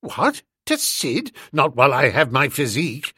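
A man voicing an excitable young upper-class gentleman who talks in an eager, exclamatory way. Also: mid-range voice, moderate pace, slightly rough, no room sound, clean studio sound, full character voice. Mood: excited.

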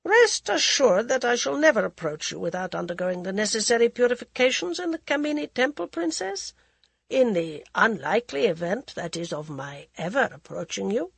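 A woman's voice: fairly high pitch, big pitch swings, normal speed, gravelly, breathy edge, no echo, voice pushed up, full character voice. A woman voicing a mocking, aloof young prince who speaks in a cool, condescending way. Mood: sardonic.

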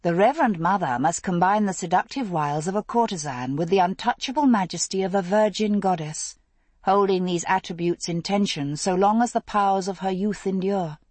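A woman reading an audiobook epigraph in a slow, solemn manner. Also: medium pitch, a little mellow, dry recording. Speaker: audiobook reader of chapter epigraph. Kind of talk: scripted narration.

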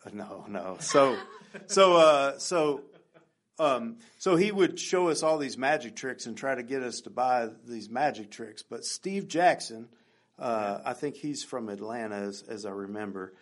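A man's voice: mid-range voice, lively intonation, measured pace. A man from Tennessee, a podcast guest, telling memories in a chatty way with many fillers. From Nashville, Tennessee. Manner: chatty, laughing between fillers. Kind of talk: casual chat.

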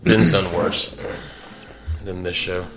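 A man with a very low voice co-hosting a comedy podcast, excitable and crude, firing off quick reactions. Faint music plays softly under his talk. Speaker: podcast co-host. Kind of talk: casual comedic chat.

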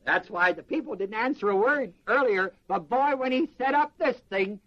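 A man preaching a sermon in an animated way, quizzing the congregation with questions. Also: sits high, moderate pace, hardly any pauses. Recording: dull lo-fi sermon recording.

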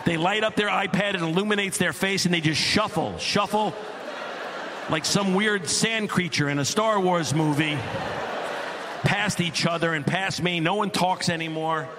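A man in his forties performing a stand-up comedy set, telling stories deadpan and building to loud absurd bits. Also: sits high, moderate pace, background noise.

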